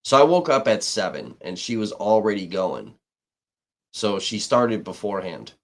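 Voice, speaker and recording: A man's voice: lowish voice, sing-song, moderate pace. A man live-streaming, telling a rambling, heated story in casual chat, swearing freely and restarting his sentences. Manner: heated, profane, with frequent restarts.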